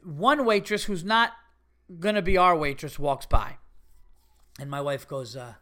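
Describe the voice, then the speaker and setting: A man telling a story on his podcast in a loose, conversational way. He curses freely, and his voice swings up into sharp, indignant outbursts before dropping back to an easy, chatty tone. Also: a little high, unhurried. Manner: animated, swearing, rising to indignant bursts. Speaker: podcast host. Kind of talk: casual storytelling monologue.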